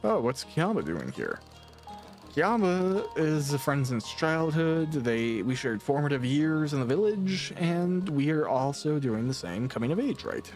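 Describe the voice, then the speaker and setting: A man's voice: a little high, sing-song, measured pace, a little mellow, faint music behind, pitched above the performer's own voice. A man voicing Cha-Cha, a small male masked creature who brags and exaggerates in broken pidgin. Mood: bragging. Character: bragging tall-tale-telling small male masked creature.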